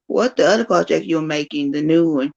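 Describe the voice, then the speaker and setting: High, gravelly Southern man on a lo-fi call. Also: a little fast, no room sound. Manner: plain-spoken, asks lots of questions. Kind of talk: casual livestream chat. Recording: dull lo-fi call audio.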